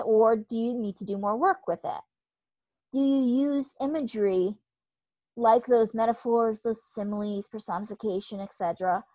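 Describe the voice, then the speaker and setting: A woman with a fairly high voice teaches writing in a recorded online lecture. She explains in a loose, conversational way and leans on examples, and the sound is dry and close, with almost no room around her. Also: no room sound, rough recording. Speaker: writing instructor.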